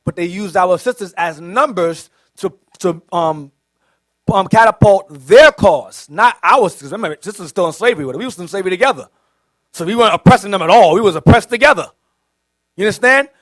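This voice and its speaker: A man's voice: sits high, animated, brisk, a bit bright, no echo. A man speaking as a deacon, assertive and lecturing on a preaching panel.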